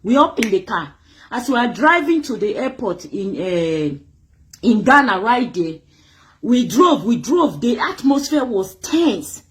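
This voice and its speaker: A woman's voice: a little high, big pitch swings, unhurried. A woman from Nigeria, telling her personal story with drama and acting out the voices of others. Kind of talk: emotional personal testimony.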